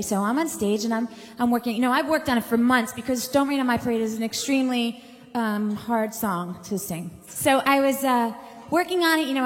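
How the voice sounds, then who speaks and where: A woman from Long Island with a Long Island accent, a singer telling a comic anecdote to an audience, lively and self-mocking with chatty asides. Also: fairly high pitch, in a large hall. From Long Island, New York.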